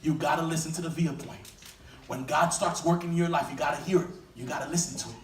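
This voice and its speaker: A pastor preaching a sermon with animated energy that builds to shouting. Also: male voice, a little high, a little fast, recorded from a distance, music in the background. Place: church sanctuary. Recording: echoey hall recorded from afar.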